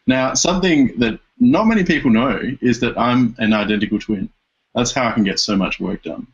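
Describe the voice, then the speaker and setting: A man's voice: medium pitch, normal speed, husky. A man with dry humour, telling a story as a guest on a casual podcast. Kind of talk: casual interview chat. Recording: dull lo-fi podcast audio.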